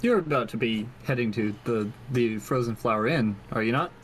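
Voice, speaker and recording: A man's voice: medium pitch, normal speed, a little hiss or hum. A man playing in a tabletop game, speaking politely and formally as his character. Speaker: player.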